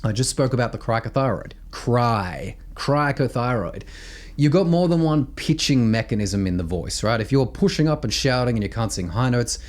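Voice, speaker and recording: An Australian man teaching voice technique, explaining exercises in an animated, emphatic way and often checking in with "right?". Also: mid-range voice. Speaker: vocal coach. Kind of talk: instructional explanation with sung demos.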